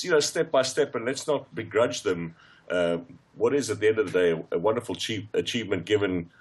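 A man's voice: low voice, breathy edge. A man giving football opinions as a radio pundit, hesitant and full of fillers. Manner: hesitant, many fillers and restarts.

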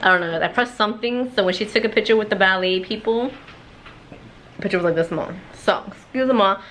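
A young woman chatting casually at home as a family vlogger, excitable and quick to laugh. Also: mid-range voice, a little hiss or hum, poor audio. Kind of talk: casual chat.

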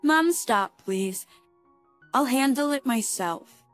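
A woman voicing a quiet young wife in a spoken story. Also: high voice, animated, slow, soft background music, voice pushed up. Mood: pleading.

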